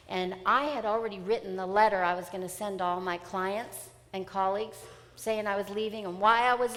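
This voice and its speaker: A middle-aged woman giving an emphatic, animated motivational seminar talk. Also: a little high. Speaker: seminar speaker. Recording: long hall reverb.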